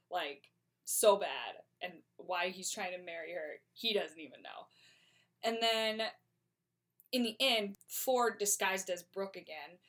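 A woman recapping a plot in an animated, chatty way, with "like" scattered throughout. Her voice sits on the low side for a woman. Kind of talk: casual plot summary.

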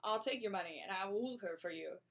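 A woman's voice: mid-range voice, fast, far from the mic, lightly acted. A woman voicing a greedy, boastful fat old knight who sounds smug and eager.

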